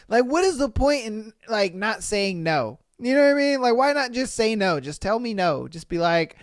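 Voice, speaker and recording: A podcast host reads listener stories aloud and reacts with loud, laughing, profane commentary. The voice is smooth and clear, recorded dry and close with no room sound. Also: mid-range voice, sing-song, moderate pace, no room sound. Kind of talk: comedic commentary reading online posts.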